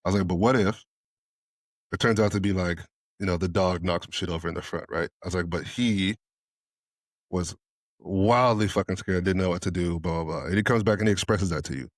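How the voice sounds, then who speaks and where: A man co-hosting a podcast in candid casual chat, telling animated stories, acting out both sides of conversations and swearing freely. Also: sits low, fairly quick, no room sound, clean studio sound. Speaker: podcast co-host.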